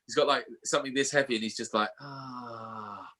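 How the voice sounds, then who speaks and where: A man's voice: medium pitch, steady tone, racing, background noise. A man co-hosting a podcast, telling a story in casual chat and swearing freely. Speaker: podcast co-host.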